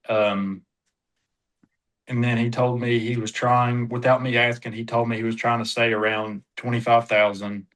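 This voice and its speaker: The recording is low quality: a medium-pitched man with a fairly bright tone and little pitch movement talks at normal speed. He's a car salesperson in a coaching session, casual but hesitant and heavy on "you know."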